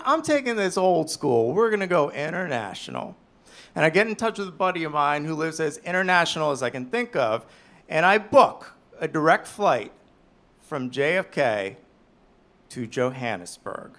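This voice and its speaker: A man in his thirties telling a self-deprecating story on stage, animated and swinging between loud and hushed. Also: high-pitched, fairly quick. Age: 30s. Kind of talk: live storytelling performance.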